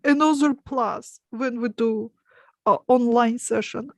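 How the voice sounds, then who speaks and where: A woman with a Russian accent speaks slowly and carefully in a rather high voice. She is a hypnotist in a friendly panel chat, earnest and quick to laugh. The sound is dry and close, with no room around it. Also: dry recording.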